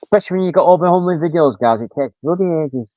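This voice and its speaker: A man's voice: a little high, expressive, very fast, dry recording. Rambling man in his fifties. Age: 50s. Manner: rambling storyteller, swears casually, acts out quotes. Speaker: livestream host. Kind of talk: casual chat. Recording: tinny, dry phone-like sound.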